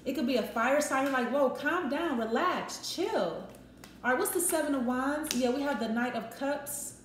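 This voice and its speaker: A woman gives a casual tarot reading, thinking out loud and acting out short quoted voices. Her voice sits high and moves fairly quickly, recorded in an echoey room with faint noise.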